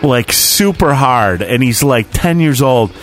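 A man in his forties tells a rambling story in a casual chat, with swearing all the way through and his own reactions acted out loud. His voice sits at an ordinary pitch. Faint music plays behind him. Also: expressive, unhurried. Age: 40s. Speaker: podcast co-host.

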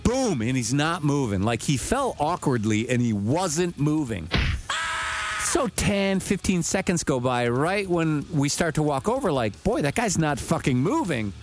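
Guy telling a wild story, cursing a lot, voice jumps all over, kinda high, music faint behind. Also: measured pace. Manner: profane, animated, acts out quotes. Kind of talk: casual storytelling.

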